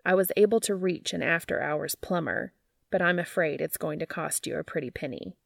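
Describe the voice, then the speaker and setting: A woman plays a slimy male building manager with a whiny, nasal voice who talks slyly and takes smug pleasure in others' trouble. The voice carries a gravelly edge with a dry, close sound. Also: on the low side, lively intonation, measured pace, dry recording, exaggerated voice. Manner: sly, gleeful and smug.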